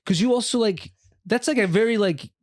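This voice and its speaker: A man's voice: high-pitched, fairly quick, no room sound, studio quality. A man chatting casually on a podcast, loose and profane, laughing often.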